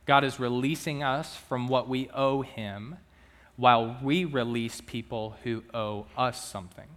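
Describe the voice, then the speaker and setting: A man delivering a sermon as a student minister, talking to the congregation in a relaxed, conversational way and often checking in with a quick aside. His voice sits at an ordinary middle pitch. It rings out with the long reverb of a church hall. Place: church sanctuary.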